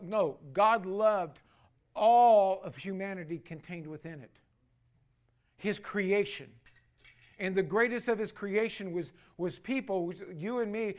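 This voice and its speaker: Delivering a sermon to his congregation, this fairly high-voiced pastor swings between loud and soft, pressing heavily on key phrases. He lingers slowly over important words and gets the people to echo lines back to him.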